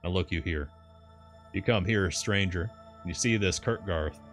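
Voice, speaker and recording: Here the elderly, garrulous sailor rants at a normal speed with a slightly bright edge, his thick country dialect dripping with grumbling scorn. A man reading a storybook voices him higher than his own deep voice but with the same heft, over faint music.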